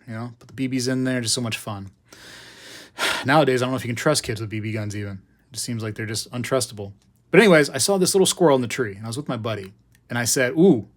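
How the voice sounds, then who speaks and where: A middle-aged man spins a casual, meandering story on a live stream, full of asides and fillers. His voice sits at an ordinary middle pitch and rises loud and high at the exciting moments. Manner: chatty, digressive, lots of fillers and asides. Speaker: host of a live hobby show.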